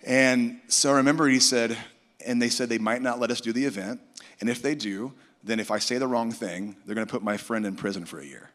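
A man's voice: medium pitch, brisk, a bit bright. A man telling a personal testimony at a conference, storytelling and quoting others. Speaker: worship musician. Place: large conference hall. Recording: reverberant hall.

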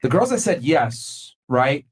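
A man hosting a podcast panel, measured and explanatory as he polls guests on a studio mic. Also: mid-range voice, sing-song, slight background noise. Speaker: podcast host.

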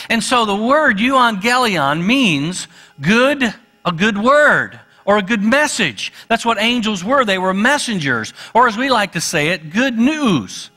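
Pastor, male, West Virginian accent, high bright voice, chatty sermon delivery that swings between fast asides and slow emphasis. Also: sing-song, big-room sound. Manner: conversational preaching with asides to the congregation; shifts pace often, quick asides and slow emphasis. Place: church sanctuary.

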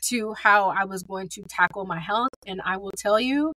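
A woman's voice: mid-range voice, moderate pace, pushed and bright, no room sound, poor audio. A woman of forty hosting a solo podcast, talking in a candid, upbeat and conversational way straight to her listeners. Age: 40s. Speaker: podcast host.

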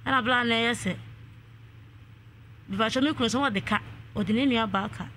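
A woman's voice: fairly high pitch, moderate pace, fairly bright tone, slight background noise. A woman calling in to a radio show, telling a long family dispute and quoting what others said. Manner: long narration with quoted speech. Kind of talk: radio call-in storytelling.

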